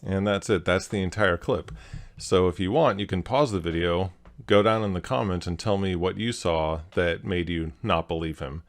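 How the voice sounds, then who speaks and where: A man hosting a video, calmly analyzing a clip and explaining each point step by step. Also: low voice, moderate pace, slight background noise. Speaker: host, body language analyst.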